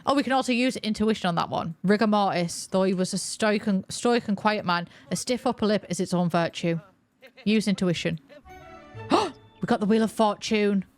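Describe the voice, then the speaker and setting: A woman giving chatty, excitable let's-play commentary, thinking aloud as she plays. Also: mid-range voice, normal speed, soft background music. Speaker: gaming video creator.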